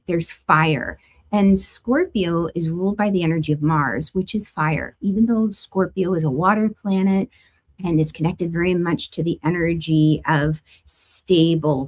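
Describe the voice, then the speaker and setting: A chatty woman with a slightly low voice talks through a weekly tarot forecast. She moves between gentle guidance and lively personal anecdotes. Her asides come out playful and informal. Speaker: spiritual tarot reader. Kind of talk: casual spoken tarot forecast.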